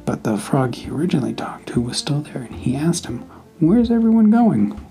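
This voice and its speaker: A man hosting a podcast, telling a bedtime story in a soft, hushed, partly whispered voice. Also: mid-range voice, creaky, faint music behind, poor audio. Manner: slow, hushed, half-whispered. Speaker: podcast host.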